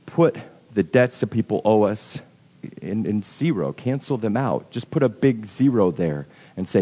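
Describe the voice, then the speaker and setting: A man's voice: fairly low pitch, normal speed, dark tone, long reverb tail. A man preaching a sermon in a conversational way, acting out the objections of his listeners. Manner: conversational, acts out imagined objections.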